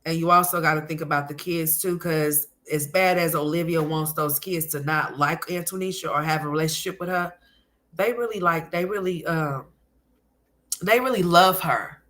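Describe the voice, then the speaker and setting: A woman's voice: deep voice, fairly even intonation, normal speed, a bit bright. A woman hosting casual commentary, candid and emphatic, often calling listeners honey. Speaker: commentary channel host.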